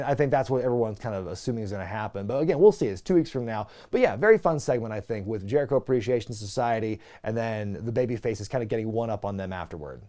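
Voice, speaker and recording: Male podcast host, mellow tone, loose opinionated recap style, lots of fillers. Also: medium pitch. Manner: rambling, opinionated, frequent fillers. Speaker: wrestling show reviewer. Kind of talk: casual recap and commentary.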